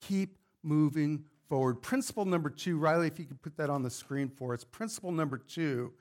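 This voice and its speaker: A man's voice: on the high side, animated, a little fast. A male pastor preaching a fervent sermon to his congregation, building to emphatic rhetorical questions. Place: church sanctuary with congregation.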